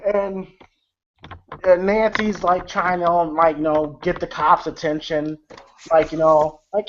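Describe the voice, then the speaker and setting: A man's voice: on the high side, level tone, slow. A man recapping a film in a loose, rambling way, with lots of fillers, swearing and chuckles. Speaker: movie reviewer. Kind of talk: casual movie recap. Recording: lo-fi with faint noise.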